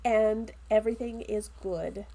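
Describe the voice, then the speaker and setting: A woman's voice: mid-range voice, steady tone, measured pace, vocal fry, dark tone. A woman co-hosting a casual crafting chat, playful and self-mocking. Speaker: co-host.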